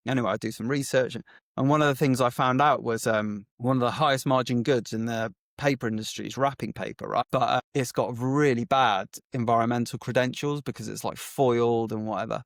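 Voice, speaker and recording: A man tells his story as a podcast guest, lively and chatty, acting out each exchange with plenty of "like" along the way. His voice sits at a mid pitch and sounds close and dry, with no room echo at all. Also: a little fast. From England. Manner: animated storyteller who acts out quoted exchanges, frequent "like" fillers. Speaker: guest, agency founder. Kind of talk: casual storytelling interview.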